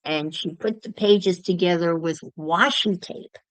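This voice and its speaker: A woman's voice: on the low side, unhurried, no echo, poor audio. A woman chatting casually to livestream viewers while she crafts, musing aloud as she works.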